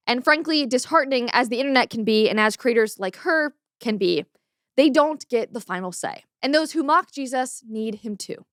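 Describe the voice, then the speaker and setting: A woman's voice: high-pitched, fairly bright tone, no room sound, studio quality. A woman hosting a commentary show, speaking in an earnest, opinionated way about faith. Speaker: host.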